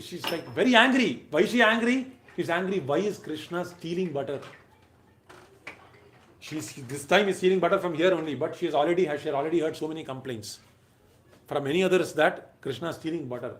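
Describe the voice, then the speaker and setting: A man giving a devotional lecture, emphatic, swinging between loud and soft phrases and briefly chanting verses. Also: fairly high pitch, echoey room, a little hiss or hum.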